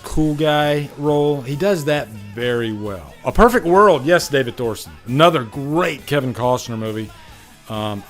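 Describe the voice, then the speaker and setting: A man hosting a casual live Q&A stream, chatty and emphatic, often checking in with "all right?" into a studio mic. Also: on the high side. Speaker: livestream host. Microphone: studio condenser mic.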